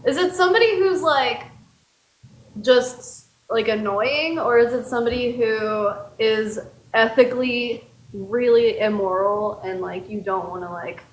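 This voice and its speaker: A woman with a somewhat high voice runs a casual interview, asking questions in a chatty, teasing way full of fillers. Her voice rings in an echoey room. A faint background hiss runs through the recording. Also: a little slow.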